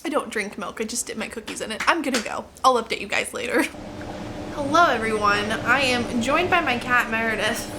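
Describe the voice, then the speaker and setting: A woman's voice: a little high, expressive, a little fast, background noise. A young woman talking casually at home in a reading vlog, chatty and self-deprecating, often laughing. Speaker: book vlogger. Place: home, kitchen table by a window. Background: washer and dryer running.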